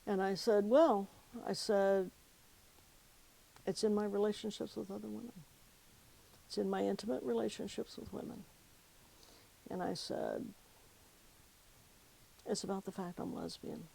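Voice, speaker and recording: A woman's voice: medium pitch, fairly even intonation, unhurried, gravelly, long pauses, warm tone, a little hiss or hum, rough recording. A woman who was once a pastor tells her life story in an oral history interview, reflective and emotional, often quoting past conversations. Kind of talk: personal storytelling.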